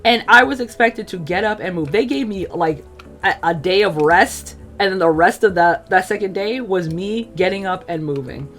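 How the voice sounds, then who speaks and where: A woman's voice: mid-range voice, moderate pace, faint music behind. Chatty woman telling a casual story. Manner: chatty and animated, many fillers, acts out quotes. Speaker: streamer telling a personal story.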